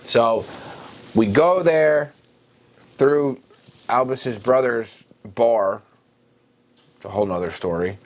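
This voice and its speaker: Animated mock-dramatic podcast guy. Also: medium pitch, takes it slowly, long pauses. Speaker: podcast co-host. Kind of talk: comedic casual retelling.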